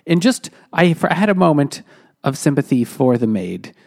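A man's voice: fairly high pitch, big pitch swings, normal speed, creaky, a little mellow. A man in casual book talk, blunt and exasperated, swearing freely.

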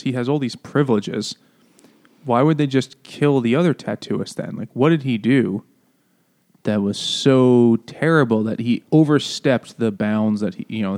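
A man co-hosting a casual book podcast, animated and joking. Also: mid-range voice. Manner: animated, mocks villain voices. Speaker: podcast co-host. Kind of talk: casual chat.

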